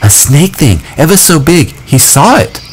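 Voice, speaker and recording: An earnest, worried boy speaks up for a scared younger child, put on by a man reading a novel aloud. His voice sits high and climbs as he insists, plaintive rather than loud. Quiet birds and crickets carry under the reading. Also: sing-song, unhurried, a little hiss or hum. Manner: earnest, insistent, relaying another's words.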